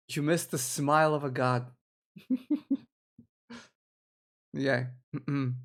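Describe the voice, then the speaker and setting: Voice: medium pitch, steady tone, very slow. A VTuber streamer giving live, rambling reaction commentary to a video, full of restarts. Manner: rambling, confused, lots of restarts and laughs.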